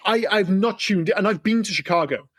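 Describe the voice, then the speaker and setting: A fast, husky-voiced man co-hosting a podcast in easy conversation. His voice sits a little high for a man and tumbles out quickly. He swears casually and keeps the talk animated. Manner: swears freely, animated and chatty. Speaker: podcast co-host. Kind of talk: casual chat.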